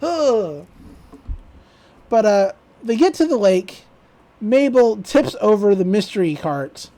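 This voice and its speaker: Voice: medium pitch, lively intonation, a little slow, dark tone. A podcast co-host recapping a cartoon episode in loose casual chat, full of fillers and quoted lines. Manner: rambling, quotes characters with "he's like"; frequent fillers, laughs while recounting.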